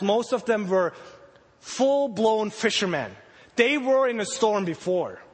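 A man preaching in a high, light voice that carries a long reverb through a large hall. He tells the story with animated energy and slips into the voices of panicked disciples. It sounds like a sermon to children and a congregation.

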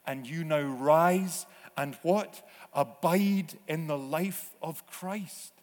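Man, pastor, slow deliberate sermon, fairly high voice, long church reverb.

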